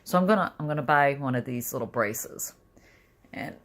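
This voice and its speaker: Chatty middle-aged woman, gravelly voice. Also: very deep voice, expressive, normal speed. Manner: rambling, chatty, restarts often. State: dizzy and close to tears. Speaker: vlogger. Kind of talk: casual personal vlog.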